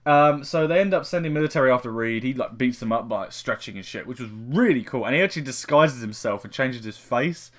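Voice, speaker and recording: A man's voice: mid-range voice, expressive, fairly quick, few pauses. A young man giving a casual spoken film review, rambling and swearing heavily with frequent restarts.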